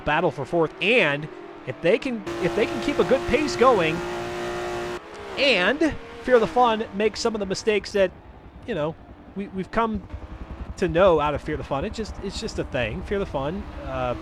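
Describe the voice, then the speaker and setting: A man's voice: sits high, expressive, moderate pace, background noise. A man commentating a live sim racing stream as host, chatty and rambling, talking to his chat viewers between calls of the race.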